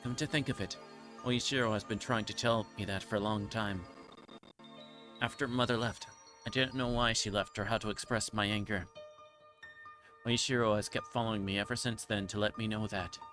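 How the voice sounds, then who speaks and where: A man's voice: on the low side, steady tone, moderate pace, a bit bright, faint music behind, natural voice. A man streamer reading aloud as a delirious, guilt-ridden young girl, repeating himself in anguish and stumbling over a few words. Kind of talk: dramatic reading of game text.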